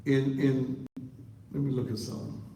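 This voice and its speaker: A man's voice: medium pitch, fairly even intonation, normal speed, dark tone, reverberant, slight background noise, low-quality recording. A man delivering a fiery, preachy commentary monologue to camera as an online talk show host, repeating himself for emphasis. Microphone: computer setup facing a monitor.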